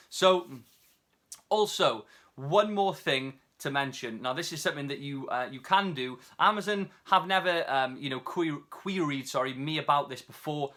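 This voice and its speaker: A British man giving a casual video tutorial as an online seller, talking quickly with many fillers and restarts. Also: medium pitch, sharp tone. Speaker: online seller teaching a course.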